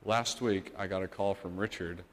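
A man's voice: deep voice, steady tone, moderate pace. A man from the United States preaching a sermon, telling a story earnestly and building to emphatic points. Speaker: missionary preacher. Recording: long reverb of a church hall.

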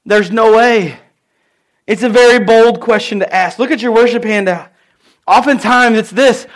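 High-voiced man preaching a sermon. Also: a bit bright. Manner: earnest, conversational preaching with personal stories. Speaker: pastor. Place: church.

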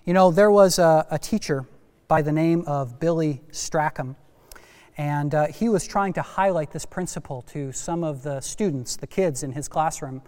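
A man preaching a sermon as pastor, lively and speaking directly to the kids listening. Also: a little high, normal speed, clear, resonant tone, in a large hall. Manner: lively, talks to kids in the congregation.

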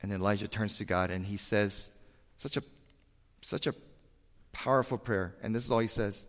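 Animated male pastor in a reverberant hall. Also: on the low side, normal speed, long pauses. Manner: animated storytelling, acting out biblical figures. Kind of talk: sermon.

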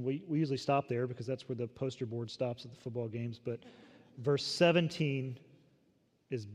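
A man preaching a sermon with a conversational, joking manner, shifting between loud emphasis and quiet reflection. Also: mid-range voice, steady tone, fairly quick, long reverb tail. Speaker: pastor.

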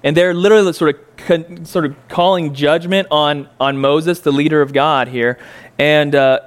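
A man with a somewhat high voice gives a casual Bible lesson. He talks conversationally, peppering his teaching with rhetorical questions and fillers. His tone rises to incredulous peaks, then drops into quiet, low reflection. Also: steady tone, normal speed, clear, resonant tone.

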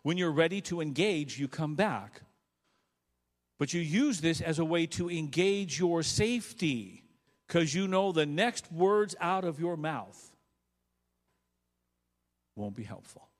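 Animated preaching man in a reverberant hall. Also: fairly high pitch, slow, pauses often. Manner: animated preaching, swinging from loud bursts to quiet asides. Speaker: pastor. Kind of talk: sermon.

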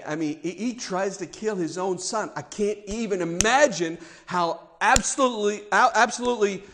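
A man preaching a sermon, emphatic, dropping to a hush and then rising loud. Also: high voice, normal speed, a little hiss or hum. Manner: emphatic, swings between hushed and loud.

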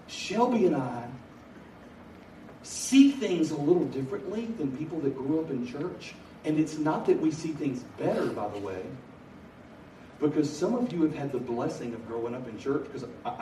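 A man's voice: medium pitch, a little hiss or hum. A middle-aged man preaching a sermon to a large room, telling stories with bursts of energy. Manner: energetic storytelling, bursts of excitement. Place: large room at a college gathering. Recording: echoey room from a distance, faint ambience.

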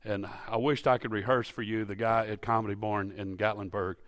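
A man preaching a sermon in a church, folksy and storytelling, rising to loud emphatic peaks. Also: fairly low pitch, level tone, a little fast, no room sound, studio quality. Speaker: pastor. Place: church sanctuary.

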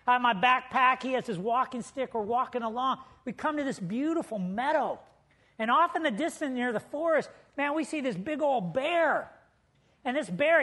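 A man preaching a sermon as pastor, telling stories with humor and building to emphatic points. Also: extremely high pitch. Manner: lively storytelling preacher with humor.

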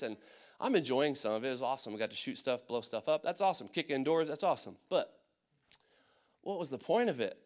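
A man's voice: fairly high pitch, fast talker. Man telling his army story. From Indiana, USA. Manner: animated storytelling with many fillers and acted asides. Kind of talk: personal testimony talk.

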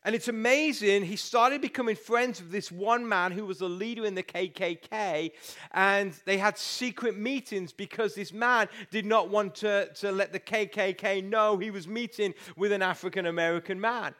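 A middle-aged man, a pastor preaching a sermon in an animated, storytelling way. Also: high-pitched, moderate pace.

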